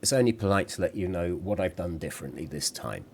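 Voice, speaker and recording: A man talks through his gameplay in a relaxed, chatty way, pausing to hum or apologise. His voice sits low but rises and falls with a lot of life. Faint game ambience hums behind him. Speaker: gameplay commentator. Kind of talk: casual gameplay commentary.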